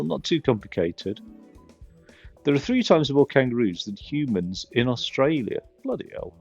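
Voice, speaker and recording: A man's voice: medium pitch, gravelly, darkish tone, dull audio. A man giving casual gameplay commentary, rambling and joking with wry asides as he plays. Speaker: gaming video host.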